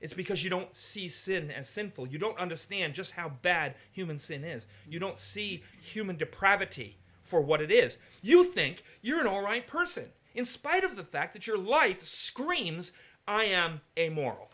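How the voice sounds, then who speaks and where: A man's voice: high voice, lively intonation, normal speed, hardly any pauses, bright, forceful tone. A man leading a teaching discussion on the Bible, arguing his points emphatically. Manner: emphatic, argumentative.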